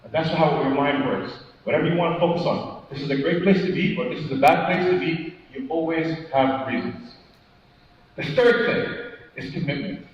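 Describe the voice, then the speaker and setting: A man on the higher side of the range speaks at a moderate pace, with a little hiss or hum in the background. Giving a motivational talk in a large conference hall, he keeps asking the audience questions, tags on "right?", and acts out stories with quoted dialogue. The distant recording is echoey and dull.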